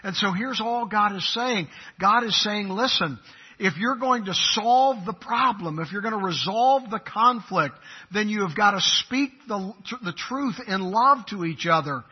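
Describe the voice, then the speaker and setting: A man preaching a sermon as pastor, swinging from loud, emphatic declarations to quiet, intimate asides. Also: sits high, expressive, a little slow, husky, lo-fi sound.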